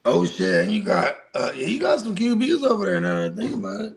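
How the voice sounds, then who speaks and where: A man hosting a casual fantasy football podcast, loud and teasing, often breaking into laughter. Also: high voice, huge pitch swings, a little fast, creaky. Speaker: podcast host.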